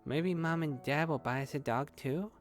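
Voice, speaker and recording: A man's voice: moderate pace, soft background music, close to an everyday voice. A man doing a frightened little girl. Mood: chattering. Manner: high, pleading, childlike. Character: scared little girl, chattering younger sister.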